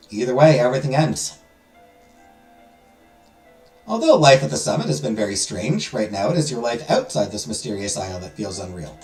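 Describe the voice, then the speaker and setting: A man's voice: on the low side, darkish tone. A man hosting a let's play, reading a visual novel aloud with dramatic storytelling and joking asides. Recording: roomy echo with music behind.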